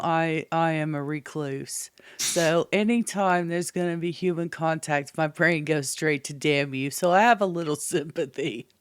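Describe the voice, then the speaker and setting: A woman with a low, smooth voice co-hosts a podcast. She chats casually and teases with dry humour. The recording is close and dry, with no room sound. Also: no room sound. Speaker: podcast co-host. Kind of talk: casual chat.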